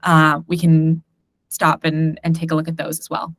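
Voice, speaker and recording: A woman's voice: sits low, completely flat delivery, normal speed, a bit bright, no room sound. A woman hosting a webinar, encouraging the speaker and inviting questions. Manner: friendly, encouraging moderator. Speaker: webinar host.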